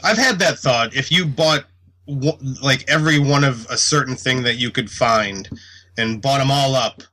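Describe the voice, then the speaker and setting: A man's voice: mid-range voice, moderate pace, sharp tone, low-quality recording. A man co-hosting a casual podcast chat, explaining things with many fillers. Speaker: podcast co-host.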